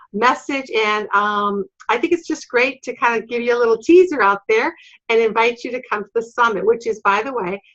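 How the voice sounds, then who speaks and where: A woman's voice: fairly high pitch, fairly bright tone. Upbeat woman host on a dull recording. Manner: upbeat promotional, spells out web address slowly. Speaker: summit host. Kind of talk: interview host introduction. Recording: dull lo-fi sound.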